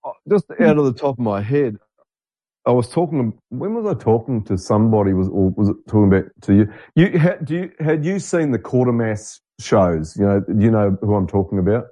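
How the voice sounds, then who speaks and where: Mellow low-voiced man chatting. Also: animated, fairly quick, no room sound. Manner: talkative, repeats himself. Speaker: podcast co-host. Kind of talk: casual chat.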